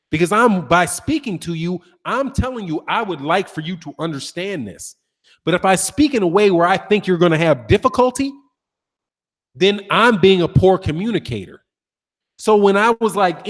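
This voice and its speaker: A man with a high voice hosts a boxing channel livestream, chatting casually, reading comments, and telling animated stories while laughing often and swearing casually. His voice carries a long reverb tail.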